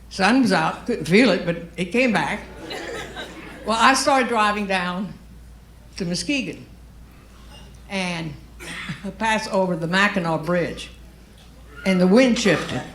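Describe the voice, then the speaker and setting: A woman's voice: medium pitch, slight background noise. A woman from Louisiana with a Cajun Southern accent, telling a brash, profane stand-up story on stage. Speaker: stand-up comedian. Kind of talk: stand-up comedy set. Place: comedy stage with live audience. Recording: roomy live venue with faint ambience.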